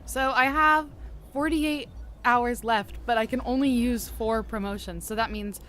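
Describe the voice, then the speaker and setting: A woman's voice: a little high, steady tone, measured pace, slight background noise. A woman streaming a game, chatting casually and playfully with her chat and laughing often. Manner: playful and giggly, greets chat warmly. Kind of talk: casual live-stream chat while gaming.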